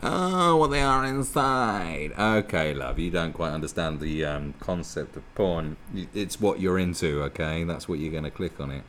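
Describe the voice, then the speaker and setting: A man's voice: very deep voice, normal speed, hardly any pauses, slight background noise. A man giving crude, mocking commentary on a video clip. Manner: animated, sweary, mocking. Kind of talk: profane reaction commentary.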